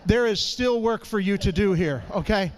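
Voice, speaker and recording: A man with a strikingly high, smooth and clear voice tells a comic testimony to a church congregation. He is a lively storyteller who keeps pulling the crowd in with calls for a response. He sounds middle-aged. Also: moderate pace. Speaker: church speaker.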